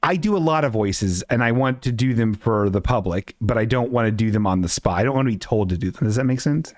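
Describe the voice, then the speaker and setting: A man co-hosting a loose podcast, easygoing and quick to laugh at himself. His voice is mid-pitched. It is recorded dry and close. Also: lively intonation, no echo. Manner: laid-back, self-deprecating, laughs often. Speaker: podcast co-host. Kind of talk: casual chat.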